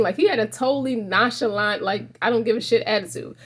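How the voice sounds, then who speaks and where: A woman's voice: on the high side, fast talker, a bit bright, slightly rough. A woman giving a casual tarot reading to the viewer, rambling and restarting her sentences often. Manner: rambling, frequent restarts, addresses viewer directly. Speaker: tarot reader.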